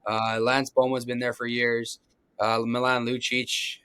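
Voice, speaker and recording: A man's voice: medium pitch, monotone, unhurried, fairly bright tone, clean tone. A young man, a hockey player guest on a podcast, talking casually and hesitantly with many fillers. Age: young adult. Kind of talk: casual chat.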